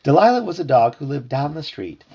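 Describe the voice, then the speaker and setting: A dad's gravelly, slightly husky voice sits on the high side as he briskly reads a kids' storybook at home. Expressive and lively, he shifts into different voices for the characters, and the recording's highs are cut off.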